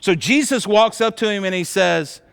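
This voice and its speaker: A man preaching a sermon as pastor, telling the story in an animated way with casual slang. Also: high voice, normal speed, creaky, clear, resonant tone. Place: church auditorium. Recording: long reverb of a large hall.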